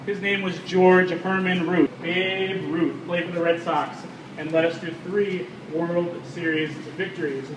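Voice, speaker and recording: A man's voice: high-pitched, fairly even intonation, a little slow. A man leading a guided ballpark tour, telling stories and quizzing the group. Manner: storytelling, quizzes the crowd. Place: outdoors at a ballpark. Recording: distant and echoey, with background noise.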